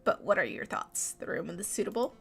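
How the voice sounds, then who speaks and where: A woman putting on a low, scheming male friar. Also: sing-song, fairly quick, vocal fry, fairly bright tone, breathy edge, faint music behind, full character voice. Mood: courteous. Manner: formal, courteous.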